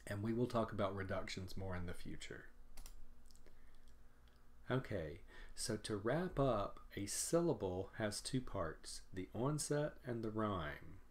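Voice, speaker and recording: A man teaching English pronunciation in a recorded lecture, speaking deliberately and repeating example words. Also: on the low side.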